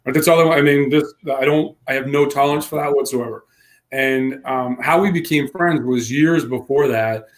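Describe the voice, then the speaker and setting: A man co-hosting a casual tech podcast, telling a long story with lively acted-out quotes and frequent laughs. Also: mid-range voice, moderate pace. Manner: animated storyteller, acts out quotes, laughs often. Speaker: podcast co-host.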